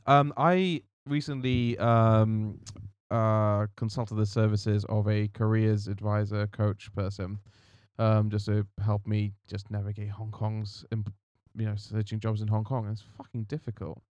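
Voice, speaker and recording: A man's voice: lowish voice, little pitch movement, a little slow, darkish tone, dry recording, lo-fi sound. A man with a British accent, talking earnestly and thoughtfully in a casual chat in a park. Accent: British English. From Britain. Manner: earnest, thoughtful, with many restarts. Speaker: podcast co-host. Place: outdoors in a park.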